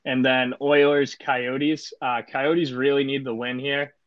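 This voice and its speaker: Casual male podcast co-host, rambling and deadpan, mid-pitched voice, dry and slightly muffled recording. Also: slow pace. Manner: laid-back, rambling with many fillers, deadpan joking. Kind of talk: casual sports podcast chat.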